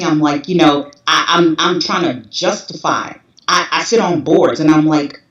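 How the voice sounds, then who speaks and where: A woman's voice: sits low, a little slow, hardly any pauses, fairly bright tone, dull audio. Distant, roomy-sounding woman in her forties. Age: 40s. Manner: emotional, restless, repeats herself. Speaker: guest. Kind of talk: candid personal testimony.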